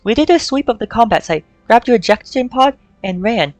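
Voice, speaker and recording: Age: adult. Figure: a woman voicing a steady male mercenary officer, somber and level. Pitch: fairly high. Sound: dry. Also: a little fast, no echo, faint music behind, lightly acted. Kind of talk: reading game dialogue aloud.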